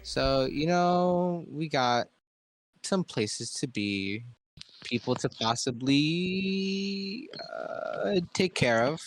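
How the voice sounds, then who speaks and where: A man's voice: medium pitch, fairly bright tone, no room sound. A man playing in a casual tabletop game, joking and describing what his character does. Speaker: player. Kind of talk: casual tabletop role-play.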